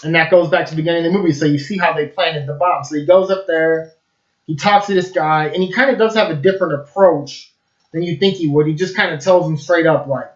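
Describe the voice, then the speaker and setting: A man's voice: on the high side, fast. Man, casual film review, enthusiastic, rambling, fillers, echoey room, dull lo-fi sound.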